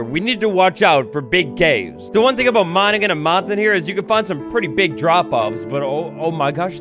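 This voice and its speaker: A man narrates his gameplay in a bright, high, very animated voice, sliding from squeals to mock-grumpy lows. His commentary is upbeat and jokey, full of playful theatrics. Faint music sits quietly behind him. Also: moderate pace. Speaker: Minecraft let's play host.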